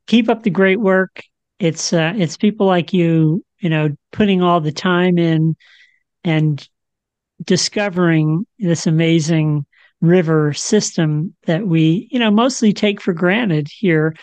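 Casting note: low-pitched woman, relaxed radio co-host, dry close mic. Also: slow, dry recording. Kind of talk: radio talk show chat.

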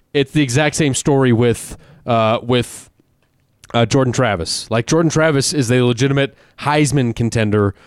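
A man hosting a casual sports betting podcast, talking in quick, rambling runs with many fillers. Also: mid-range voice, smooth, dry recording. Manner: fast, rambling, full of fillers and restarts. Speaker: podcast host.

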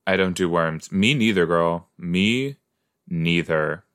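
Slow, deep-voiced man reacting casually. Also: fairly bright tone, smooth. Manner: reactive, exclaiming, groans of disgust. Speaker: podcast host. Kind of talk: casual watch-along reaction chat.

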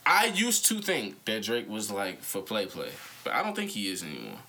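A young man chatting casually on a podcast, animated and joking, full of slang and quick impressions. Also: lowish voice, slight background noise. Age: young adult. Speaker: podcast host. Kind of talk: casual chat.

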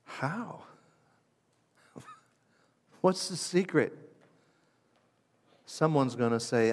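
A man preaching a sermon in a conversational, reflective way, moving from hushed asides to emphatic lines. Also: fairly high pitch, expressive, very slow, long pauses, big-room sound.

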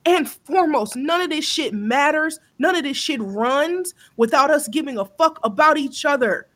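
Woman co-host, higher voice, blunt and heated, swears a lot. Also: animated, moderate pace, a bit bright. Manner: blunt, heated and emphatic, with profanity. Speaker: podcast co-host. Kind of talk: casual chat.

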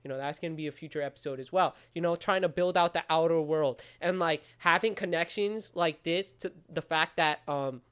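A man's voice: a little high, brisk, hardly any pauses, fairly bright tone, smooth. A young man co-hosting a casual podcast, rambling with many fillers and swearing freely. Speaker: podcast co-host and writer. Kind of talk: casual chat.

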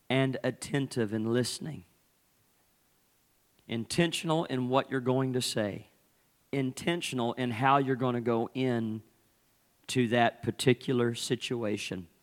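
A male pastor preaching a sermon in a conversational, storytelling way, repeating phrases for emphasis. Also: mid-range voice. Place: church service.

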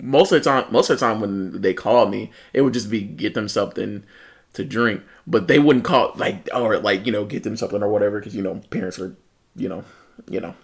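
A young man in casual chat, telling lively stories, mimicking people and laughing often. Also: fairly low pitch, brisk, vocal fry. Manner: animated storyteller, mimics people, laughs a lot, swears.

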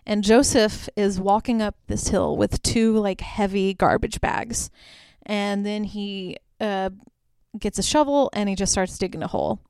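A woman's voice: mid-range voice, a little slow, creaky, darkish tone, smooth, no echo, clean studio sound. A young woman hosting a podcast, casually retelling a film plot with many filler words and quoted lines. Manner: chatty, lots of "like" fillers; quotes characters in her own voice. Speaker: podcast host.

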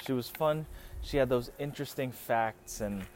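A man's voice: medium pitch, moderate pace, darkish tone. Podcast host, male, casual storyteller: crude, swearing, joking, faint background noise. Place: living in the Philippines.

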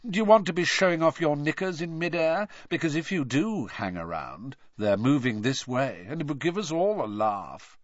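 A smug teenage boy wizard who drawls each line lazily, dropping to a soft, cold sneer, as a male narrator puts him on. The sound is dry and a little dull, like a lo-fi audiobook recording. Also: fairly high pitch, big pitch swings, moderate pace, few pauses, dry recording, voice pushed up. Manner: drawling, lazy, mocking.

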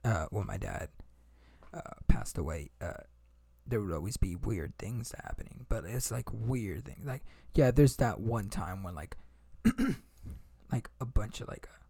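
A man's voice: lowish voice, expressive, a little slow, vocal fry, mellow, slightly rough. A young man hosting a podcast, telling a story in casual chat with lots of fillers, restarts and swearing. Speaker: podcast host.

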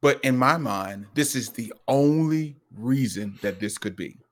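Animated storytelling man, voice leaping up on quotes. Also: unhurried. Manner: animated storyteller, acts out quoted lines with jumps in pitch; frequent restarts and repeated words. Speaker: podcast co-host. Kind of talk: casual storytelling chat.

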